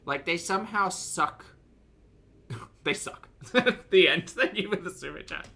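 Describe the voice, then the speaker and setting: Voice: medium pitch, expressive, a little slow, gravelly, sharp tone, slightly rough. A streamer giving blunt, sarcastic live commentary to chat and swearing freely. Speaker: streamer reacting to videos.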